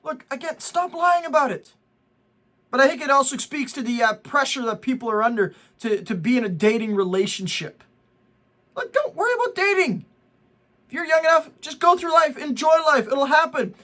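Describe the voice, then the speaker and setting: Speaking at normal speed, a middle-aged vlogger's extremely high, sharp voice swings widely in pitch. He rants about people who lie for likes, mixing preachy commentary on social media with jokes on the side.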